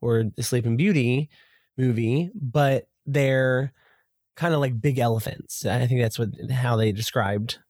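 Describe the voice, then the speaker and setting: A speaker in a casual book review chat, enthusiastic and quick to agree. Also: medium pitch, darkish tone, no room sound, studio quality.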